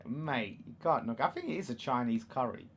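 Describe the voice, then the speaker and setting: A man in his thirties with an East London accent, hosting a football watchalong in casual chat, reading out comments and erupting into loud shouts at chances. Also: mid-range voice, lively intonation, moderate pace, gravelly, husky. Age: 30s. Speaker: livestream host.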